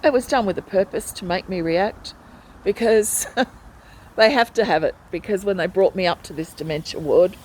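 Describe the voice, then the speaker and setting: A woman's voice: medium pitch, normal speed, a little mellow, a little hiss or hum, poor audio. A woman speaking in a personal video diary from a hospital ward, retelling in a distressed, pleading way how she has been treated. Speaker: hospital patient vlogger.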